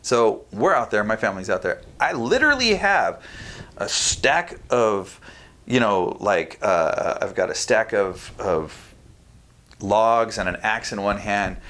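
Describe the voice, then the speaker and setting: A middle-aged man from California, swearing freely as he tells stories. He is animated and talks casually on a podcast. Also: fairly low pitch. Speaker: podcast guest. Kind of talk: casual storytelling chat.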